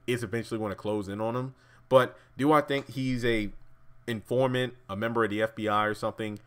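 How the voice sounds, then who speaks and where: A man's voice: medium pitch, fairly even intonation, brisk, a bit bright, clean tone. A man giving a casual fan-theory commentary on a TV drama, rambling and correcting himself, with wry asides. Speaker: YouTube TV commentator.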